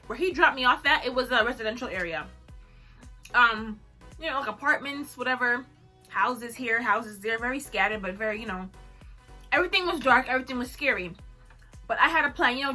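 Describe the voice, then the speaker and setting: A young woman vlogger telling a personal story to camera in a casual, animated way, acting out what she said. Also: on the high side, fairly quick, soft background music. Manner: animated, acts out her own lines with laughs.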